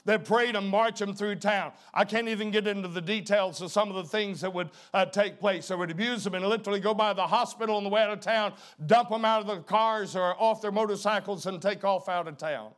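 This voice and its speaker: High-voiced man preaching with emphatic swings. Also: fairly even intonation, fairly quick, hardly any pauses, fairly bright tone. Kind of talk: sermon.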